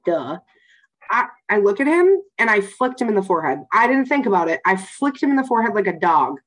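A woman's voice: mid-range voice, very animated, a little fast, a bit bright, low-quality recording. A young woman co-hosting a podcast, telling a story in casual chat, swearing freely and laughing as she goes. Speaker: podcast co-host.

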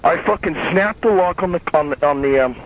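A man's voice: a little high, brisk, a little hiss or hum. A man telling a long, heated story in casual chat, profane and rambling, often restarting his sentences. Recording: dull lo-fi sound.

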